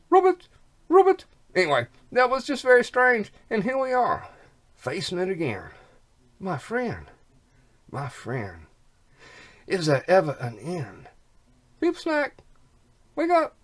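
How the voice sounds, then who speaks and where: Here a mid-range, fairly bright voice carries a vlogger's rambling monologue. He repeats words, breaks into rhymes and folksy slang, and sounds snotty and coughs.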